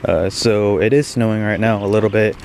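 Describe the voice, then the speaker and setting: A man's voice: fairly low pitch, steady tone, fairly quick, vocal fry, slight background noise. Shivering young man vlogging outdoors. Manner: hesitant, lots of fillers, talking quietly. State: shivering, breathing heavily. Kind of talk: casual vlog talk to camera. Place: outdoors in snow at dawn.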